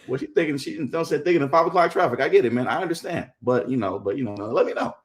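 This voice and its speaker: A man co-hosting a casual wrestling live stream, giving his takes playfully, joking and repeating words when excited. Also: on the high side, fast talker, hardly any pauses. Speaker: co-host.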